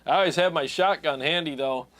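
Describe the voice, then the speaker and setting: A man's voice: on the high side, fairly quick. A man hosting a live stream, chatting casually and telling stories with laughter and acted-out voices. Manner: laughing, animated storyteller acting out voices; stumbles and restarts often. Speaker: host of a guitar tone channel live stream. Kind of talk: casual chat, storytelling.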